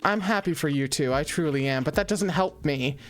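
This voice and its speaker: A woman's voice: low voice, a little fast, faint music behind, close to an everyday voice. A woman doing a sassy scheming angel. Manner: sassy, persuasive. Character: scheming sassy angel bar performer, female. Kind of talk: let's play voice acting.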